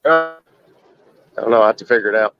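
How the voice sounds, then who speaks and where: A man talking casually on a livestream from his car, holding his phone to his face, speaking in an easygoing, halting way. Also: fairly low pitch, vocal fry, highs cut off, music in the background. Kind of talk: casual chat. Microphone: phone held to face in a car.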